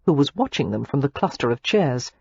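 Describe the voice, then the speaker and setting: A woman narrating a romance audiobook in an expressive, scripted reading. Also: very deep voice, brisk, gravelly, breathy edge, no echo, highs cut off.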